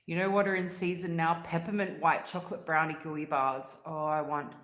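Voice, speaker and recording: Talking with her chat viewers on a relaxed livestream, this Australian host gushes over sweets and leans heavily on "like." Congestion has her clearing her throat often. She speaks at a normal speed in a low, level voice that's a bit bright, captured in a reverberant space.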